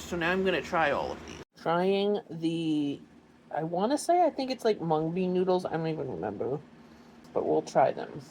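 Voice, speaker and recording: An excitable vlogger chats on camera in a home kitchen, mid-pitched and filling the gaps with "like" and "um". There is a faint hiss of room noise under the voice. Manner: chatty and excitable, with many fillers like "like" and "um". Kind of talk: casual chat and on-camera food tasting.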